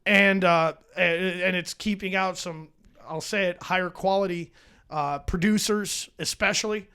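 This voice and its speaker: A man with a notably high speaking voice chats as a podcast guest, a stand-up comedian who rambles and swears freely. He mocks himself as he talks, with plenty of restarts. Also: steady tone, unhurried, sharp tone, smooth. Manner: rambling, profane, self-mocking. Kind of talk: casual chat. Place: podcast studio.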